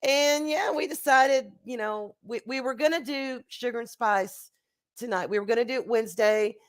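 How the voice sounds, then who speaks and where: A woman hosting a casual livestream, hoarse and congested from a recent flu, chatty and laughing as she greets her chat. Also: fairly high pitch, normal speed. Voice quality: nasal, congested. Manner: chatty, laughing, swings between loud bursts and quiet asides. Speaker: livestream host. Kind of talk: casual chat reading live chat.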